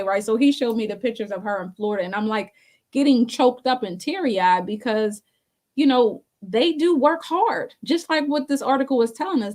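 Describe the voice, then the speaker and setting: A woman's voice: a little high, a little mellow. A woman co-hosting a talk show, telling a story in a casual, chatty way and laughing often between phrases.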